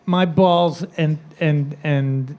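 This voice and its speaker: A man's voice: a little high, fairly even intonation, extremely slow, muffled recording, a little hiss or hum. A middle-aged man telling a comic story in casual chat, chuckling and repeating himself as he goes.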